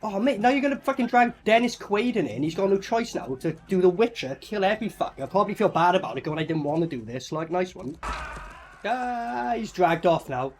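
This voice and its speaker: A man doing a casual movie reaction, excitable and swearing freely as he comments. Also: high-pitched, fairly quick. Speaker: movie reviewer.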